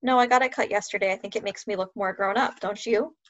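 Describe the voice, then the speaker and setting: A woman's voice: medium pitch, quick pace, a bit bright, lightly acted. A woman voicing an eager, cheeky ten-year-old boy in a read-aloud story. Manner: pleading, then teasing. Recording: dull lo-fi sound.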